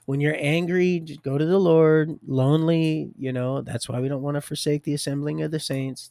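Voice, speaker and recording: Gravelly, rambling man on a livestream. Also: medium pitch, dry recording. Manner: rambling, laughing often, shifting loud and hushed. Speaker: livestream host. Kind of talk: rambling faith talk on a livestream.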